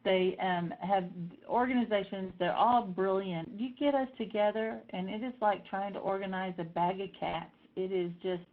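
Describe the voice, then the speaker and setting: A middle-aged woman telling personal stories in a lively way, acting out the voices of the people she quotes. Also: mid-range voice, normal speed, few pauses. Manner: animated, acts out voices in quotes. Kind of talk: personal storytelling talk. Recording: tinny phone-like sound.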